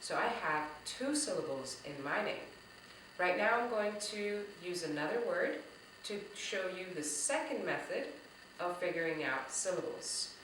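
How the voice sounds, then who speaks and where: A woman teaching young children, her words slow, patient and carefully sounded out. She is picked up from a little way off, in a room with a strong echo, and a faint hum of room noise sits under her voice. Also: lowish voice, expressive, a bit bright. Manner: slow, patient, clearly articulated. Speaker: music teaching artist. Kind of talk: children's lesson. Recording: echoey room, voice a bit far from the mic.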